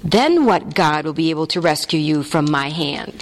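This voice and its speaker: A woman voicing a menacing ancient male king, lowering her voice as she reads his threats aloud. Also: expressive, moderate pace.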